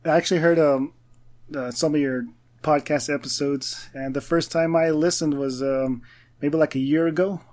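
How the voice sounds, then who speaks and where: A man from New Mexico hosts a casual podcast, upbeat and easygoing, stumbling into repeated words now and then. His voice sits a little high. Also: steady tone, normal speed, a little mellow. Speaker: podcast host.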